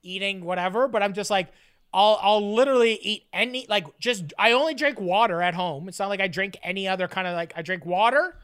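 A woman's voice: medium pitch, brisk, fairly bright tone, smooth. A woman co-hosting a podcast in casual chat, rambling with a constant "like" and joking crudely. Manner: rambling, heavy use of "like". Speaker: podcast co-host.

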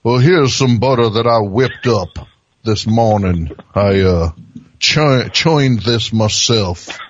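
A man's voice: on the low side, takes it slowly, slight background noise. A man putting on the voice of a man posing as a folksy Southern home cook, drawling, overly gracious, calling everyone darling. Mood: syrupy. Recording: dry, slightly dull audio.

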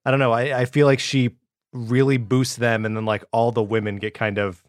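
A man co-hosting a casual book discussion podcast, relaxed with many filler words. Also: mid-range voice, a little fast, no echo, clean studio sound. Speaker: podcast co-host. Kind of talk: casual book club chat.

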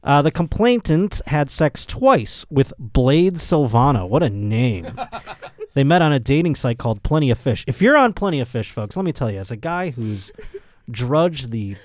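A podcast host reads odd news stories for a comedy show, tossing in crude, mocking asides and laughing often. His mid-range voice is very animated at a moderate pace, and he puts on voices for the people he quotes.

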